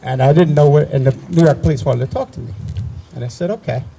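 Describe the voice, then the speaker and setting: Gravelly older man telling family stories. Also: fairly high pitch, fast talker, mellow, a little hiss or hum, low-quality recording. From New Jersey. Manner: anecdotal, conversational, with frequent restarts. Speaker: eulogy speaker at memorial ceremony. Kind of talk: personal storytelling speech. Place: outdoor memorial ceremony.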